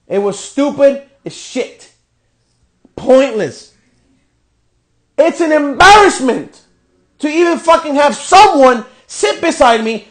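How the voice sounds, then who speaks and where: High-voiced man ranting, swearing. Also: lively intonation, unhurried. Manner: profane, ranting, exasperated. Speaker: podcast host. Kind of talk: wrestling show review rant.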